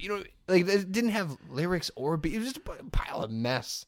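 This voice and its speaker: A man's voice: high voice, sing-song, brisk, dry recording, studio quality. A man co-hosting a casual comedy podcast, blunt and sarcastic, swearing freely. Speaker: podcast co-host.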